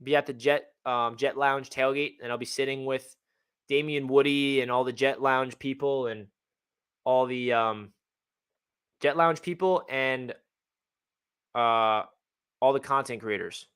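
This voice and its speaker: A man hosting a casual sports fan livestream, talking in a hyped, excitable way. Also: medium pitch, measured pace, pauses often, clean tone.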